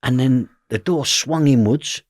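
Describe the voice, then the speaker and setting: A man's voice: medium pitch, measured pace, no room sound, studio quality. A middle-aged man, a podcast guest, telling his story intensely and bluntly, swearing and often asking if you know what he means. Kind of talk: intense first-person storytelling.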